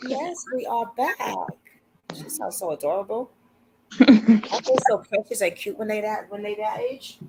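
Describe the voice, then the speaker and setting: A woman's voice: mid-range voice, moderate pace, noisy background. A woman hosting a casual livestream, chatty and informal, laughing often as she talks. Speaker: livestream host.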